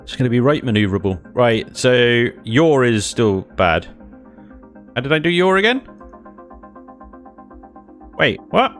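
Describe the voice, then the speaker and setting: A man's voice: medium pitch, very animated, measured pace, long pauses, a bit bright, soft background music. A man streaming a space game, thinking aloud, chuckling often and chatting with his viewers. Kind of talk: casual live-stream chat while building in a game.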